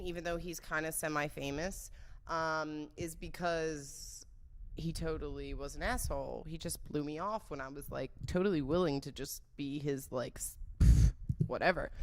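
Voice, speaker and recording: A young woman hosts her podcast, spinning an unfiltered story with plenty of swearing and jokes. Her voice sits on the low side for a woman, but it swoops up and down all the time. She keeps the feel loose and conversational. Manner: animated, profane and joking. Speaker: podcast host.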